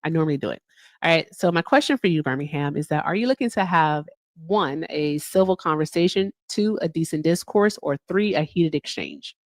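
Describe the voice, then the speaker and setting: A woman hosting a livestream, talking casually and teasing her callers with a laugh. Her voice sits a little low, and the sound is dry and close to the mic. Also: lively intonation, a little fast, dry recording. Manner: playful, teasing, laughs often. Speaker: livestream debate host.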